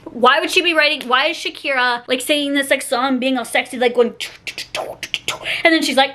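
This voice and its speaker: A woman's voice: high voice, fairly quick, sharp tone. A young woman telling embarrassing stories in a casual vlog, chatty and self-mocking, laughing often.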